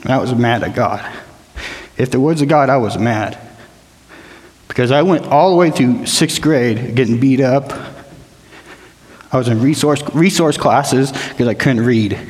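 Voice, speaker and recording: A man telling his personal testimony to a church gathering, plain-spoken and emotional, often halting and repeating himself. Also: medium pitch. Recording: long hall reverb.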